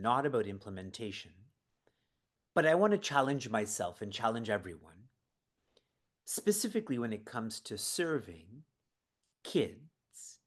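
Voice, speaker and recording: A man running an online training session from his prayer room, asking the audience questions and laughing between points. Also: lowish voice. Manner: engaging, asks the audience questions. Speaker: seva training guide.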